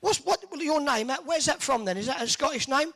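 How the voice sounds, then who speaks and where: A tournament MC, joking and teasing the audience during crowd warm-up banter in an indoor arena. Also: sits high, lively intonation, fairly quick, vocal fry.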